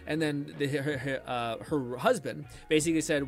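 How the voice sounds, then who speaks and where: A man's voice: on the high side, fairly even intonation, a little fast, hardly any pauses, faint music behind. A man streamer chatting casually with his stream chat and answering comments in a rambling way, full of fillers and restarts.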